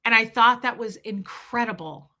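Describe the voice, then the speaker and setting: Woman, middle-aged, candid storytelling, bright tone, acts out voices. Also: on the high side, moderate pace. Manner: open, confessional, acts out voices of people in her stories.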